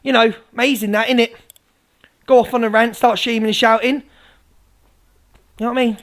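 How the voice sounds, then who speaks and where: A combative woman ranting on her livestream, sarcastic and full of swearing. Her voice sits high for a woman and she jumps between cutting jabs and retorts. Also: steady tone, moderate pace. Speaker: live streamer. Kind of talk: livestream rant.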